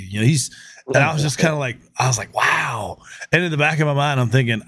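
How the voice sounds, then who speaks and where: A man's voice: mid-range voice, normal speed, no echo, clean studio sound. A man hosting a podcast, chatting casually and acting out quotes as he tells stories. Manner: animated storyteller, acts out quotes. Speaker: podcast host.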